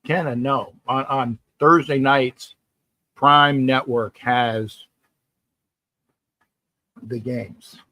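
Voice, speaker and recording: A man's voice: medium pitch, fairly even intonation, drawn-out words, long pauses, pushed and bright, no room sound. A man hosting a live sports talk stream, chatting casually and reading viewer comments, rambling and often repeating himself. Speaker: sports talk livestream host.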